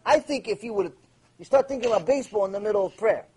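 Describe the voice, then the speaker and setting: A man's voice: high-pitched, animated, quick pace, darkish tone, breathy edge, low-quality recording. A man giving a live Torah lecture, emphatic and repeating his key points, acting out imagined prayers. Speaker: Torah teacher.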